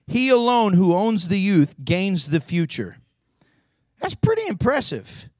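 High-voiced playful youth preacher. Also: male voice, very animated, unhurried, no echo, studio quality. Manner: playful, goading, shouts coaching cues. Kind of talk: youth sermon with audience games.

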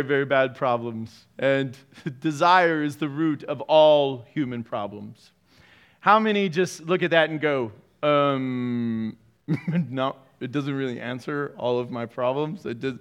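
A man's voice: fairly high pitch, fairly bright tone. A man preaching a sermon as pastor at a church service, joking through it with sarcastic, playful asides.

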